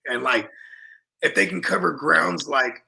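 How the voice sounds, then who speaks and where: Young male co-host; loose, profane banter, high and edgy. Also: a little slow, creaky, bright, forceful tone. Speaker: podcast co-host. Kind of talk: casual sports chat.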